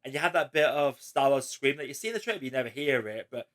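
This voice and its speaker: A man hosting a casual spoiler chat, retelling movie scenes in an emotional, animated way. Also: medium pitch, fast. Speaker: host.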